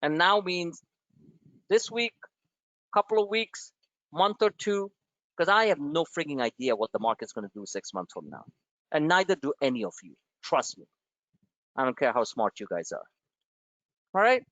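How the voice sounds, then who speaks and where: A man's voice: on the high side, big pitch swings, moderate pace, pauses often, a bit bright, dry recording, dull audio. A man hosting a trading webinar, blunt and emphatic, firing off rhetorical questions at his listeners.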